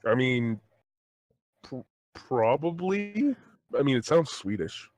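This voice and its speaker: A man's voice: mid-range voice, sing-song, slow, darkish tone, no echo. A man in casual chat, reading fan fiction aloud, playful with mock-indignant outbursts.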